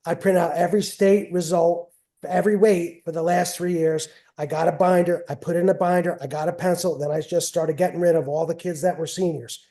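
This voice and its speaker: Middle-aged man, guest coach: rambling, repetitive storyteller, slightly high voice, warm tone. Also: fairly even intonation, fairly quick. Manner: rambling, repeats phrases, chatty and self-mocking. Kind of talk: casual storytelling interview.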